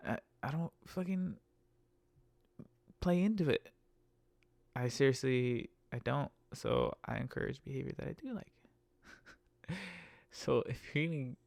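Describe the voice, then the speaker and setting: A man's voice: gravelly, no room sound. A man hosting a podcast, talking about his work as a rideshare driver in a casual, profane, exasperated rant that he laughs through. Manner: animated, jumps into higher pitch when mocking. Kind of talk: casual ranting monologue.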